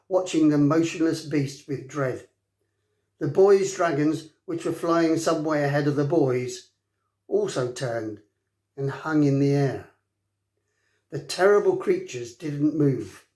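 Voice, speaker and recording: A man reading a children's book aloud to a class, with expressive, dramatic delivery. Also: on the high side. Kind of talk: storybook read-aloud. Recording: echoey room.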